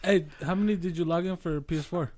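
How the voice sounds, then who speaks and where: A man's voice: sits high, quick pace, darkish tone, no echo. A man on a casual gaming podcast, chiming in bluntly and teasing. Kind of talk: casual chat among friends.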